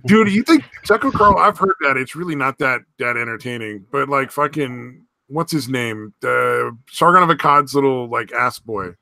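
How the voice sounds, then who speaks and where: A man chatting loosely on a podcast, swearing freely and wandering off mid-thought. His voice is bright and forward, recorded close and dry with no room sound. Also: mid-range voice, normal speed, creaky, few pauses, dry recording. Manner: profane, rambling, loses his train of thought. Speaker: podcast co-host. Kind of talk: casual podcast banter.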